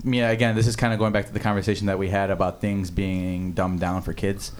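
Fast-talking young man, casual podcast host. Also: sits low, little pitch movement. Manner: rambling, profane, lots of fillers. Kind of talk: casual chat.

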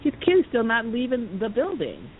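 A woman host tells a long story in a casual way. She acts out the voices of the people in it and fills the gaps with "you know" and "um". Her voice comes through a thin, phone-like line with a faint low rumble behind it. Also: moderate pace. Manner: animated storyteller, acts out quoted voices, many fillers. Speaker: podcast host.

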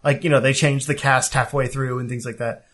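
A man's voice: mid-range voice, fairly quick. A man in casual podcast chat about video games, rambling with many fillers. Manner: rambling, filler-heavy, relaxed. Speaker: podcast co-host.

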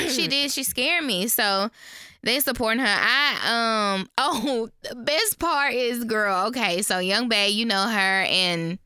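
A woman co-hosting a podcast, telling gossip in a casual, animated way and jumping into high voices for the people she quotes. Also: slow pace, clear, resonant tone, no room sound, clean studio sound. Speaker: podcast co-host.

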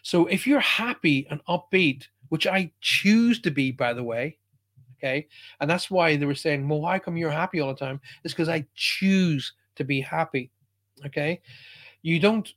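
A man's voice: fairly high pitch, expressive, a little slow. A middle-aged man giving an emphatic motivational talk as a spiritual speaker, often checking in with listeners.

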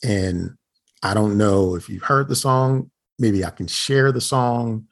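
Gravelly low-voiced man, joking. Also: slow pace. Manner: wry, joking commentary. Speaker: podcast co-host. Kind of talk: casual chat over video call. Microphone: video call.

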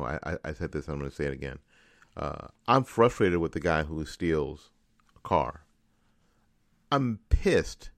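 A man with a deep, low voice rants through a political commentary monologue. He sounds angry and frustrated, and he circles back over the same points again and again. The recording is dry and close, with no room sound. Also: no echo. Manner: angry, ranting, repetitive. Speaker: radio host.

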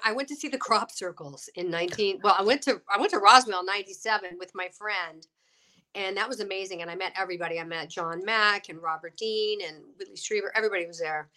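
Bright-voiced woman telling a lively story. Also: mid-range voice, fast. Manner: lively, acts out quoted voices, laughs often. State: getting over a cold. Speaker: guest, actress and UFO experiencer. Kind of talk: animated storytelling.

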